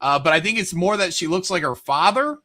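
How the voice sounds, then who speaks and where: A man's voice: high-pitched, expressive, fairly quick, sharp tone. A man co-hosting a casual livestream podcast, rambling and joking about himself. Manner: rambling, joking, self-deprecating. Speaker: podcast co-host.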